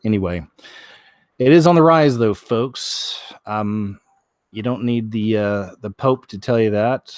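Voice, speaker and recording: A man hosting a show, reading news stories aloud, stumbling over words, clearing his throat and adding wry comments of his own. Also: lowish voice, measured pace, a little mellow, dry recording, clean studio sound. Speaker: host.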